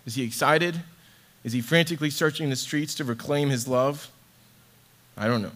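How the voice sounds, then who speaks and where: A man's voice: mid-range voice, normal speed, a bit bright. Earnest man reading and reflecting on scripture. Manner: earnest, heartfelt, repeats words as he searches for them. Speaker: church ministry associate director.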